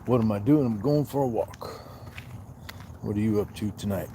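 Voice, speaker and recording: A man's voice: on the low side, moderate pace, slight background noise. A man hosting a casual live stream from his phone while walking outdoors at night, reading viewer comments aloud and chatting back. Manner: relaxed, reads viewer comments aloud and answers them. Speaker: livestream host. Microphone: handheld phone.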